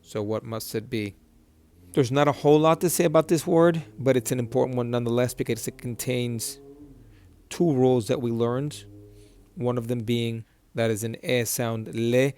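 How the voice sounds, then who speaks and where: A man teaching a reading lesson at a board, patiently repeating each syllable slowly. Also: mid-range voice, fairly even intonation, darkish tone, smooth. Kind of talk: whiteboard lesson.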